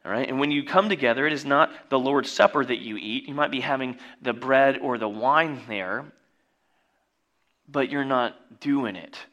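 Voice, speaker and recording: A man preaching a sermon, reading scripture and breaking into jokey asides and loud exclamations. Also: medium pitch, normal speed, highs cut off. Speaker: pastor.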